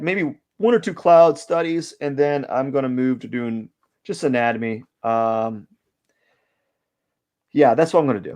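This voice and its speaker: A man talks his way through a live drawing session in easygoing stream commentary. He rambles and thinks aloud, dropping filler words as his thoughts wander. His voice sits at an ordinary middle pitch. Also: clear, resonant tone.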